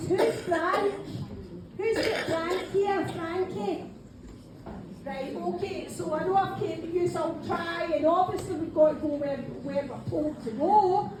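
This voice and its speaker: A woman's voice: very high voice, measured pace. A Scottish woman working as a medium at a live demonstration, chatty, often saying "right, okay" and calling people darling. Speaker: spiritual medium. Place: function room of a local pub. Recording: very echoey room, faint background noise.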